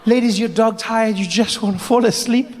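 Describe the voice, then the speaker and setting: A man doing stand-up comedy, animated and quick to jump into voices, on a stage mic in a large hall. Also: high voice, a little hiss or hum.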